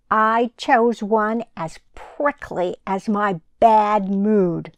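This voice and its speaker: A woman reading a picture book aloud for a children's sermon, in a slow, deliberate and expressive way. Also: mid-range voice, creaky, no echo, clean studio sound.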